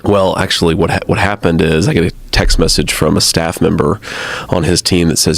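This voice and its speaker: A man's voice: low-pitched, steady tone, brisk, gravelly. A man, telling family stories casually as an interview guest, laughing often. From United States. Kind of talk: casual storytelling.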